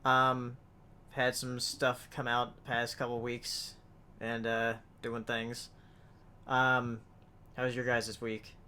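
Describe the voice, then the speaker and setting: A man hosting a podcast, opening the show in a relaxed, hesitant way. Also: mid-range voice, slow pace, a little hiss or hum. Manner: relaxed, hesitant, many fillers. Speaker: podcast host. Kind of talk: casual chat.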